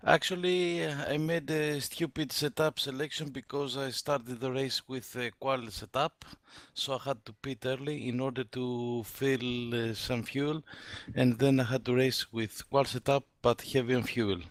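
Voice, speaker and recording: A man's voice: mid-range voice, fairly even intonation, a little slow, no room sound. Self-critical male driver. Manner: frank, self-critical, some fillers. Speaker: race driver interviewed.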